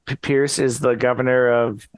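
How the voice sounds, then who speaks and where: Male podcast co-host, medium-pitched, halting and thoughtful, dry close sound. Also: little pitch movement, clean tone, no echo. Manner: hesitant, many "um"s and restarts. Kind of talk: casual chat.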